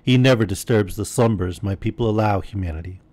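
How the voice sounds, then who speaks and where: A man reading aloud and voicing a mild male king of the sleep fairies, with a light, gentle manner and a noticeably higher voice. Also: brisk.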